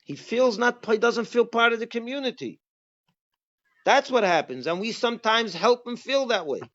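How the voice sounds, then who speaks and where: A man with a high voice gives a religious class as a rabbi. He teaches emphatically and keeps asking his listeners rhetorical questions. The recording sounds dull and lo-fi. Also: lively intonation, normal speed, a bit bright. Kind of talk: Passover class.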